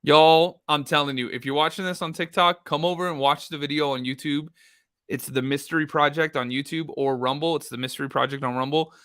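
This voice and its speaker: A man's voice: a little high, steady tone, a little fast, clean tone, no echo, clean studio sound. A man hosting a live true crime reaction stream, talking bluntly to his chat. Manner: loud, blunt, talks to chat.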